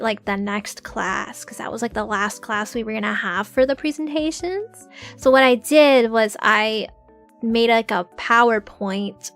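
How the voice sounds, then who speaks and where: Young woman streamer, fairly high voice, giggly, casual chat, lots of "like"s, soft music underneath. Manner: chatty, giggly, full of filler "like"s.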